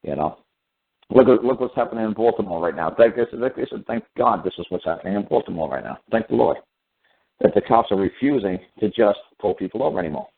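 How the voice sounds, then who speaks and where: A man's voice: lowish voice, animated, fast, gravelly, husky. A middle-aged man hosting a radio talk show, telling stories bluntly and often repeating and restarting himself. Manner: blunt storytelling with frequent repetition and restarts. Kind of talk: casual call-in radio talk. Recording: tinny phone-line audio.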